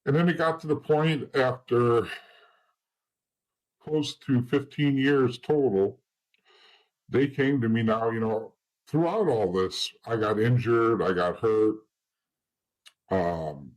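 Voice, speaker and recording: This is a middle-aged man with a New Jersey accent whose low, husky voice carries a blunt, streetwise edge. He swears freely and acts out the people in his story with quoted dialogue. The talk stays casual and unpolished throughout. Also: poor audio. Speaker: interview guest, former informant.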